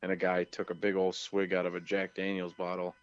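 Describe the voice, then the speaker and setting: Deep-voiced man with a dull, dry sound. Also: monotone, a little fast, clear, resonant tone. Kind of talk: casual storytelling.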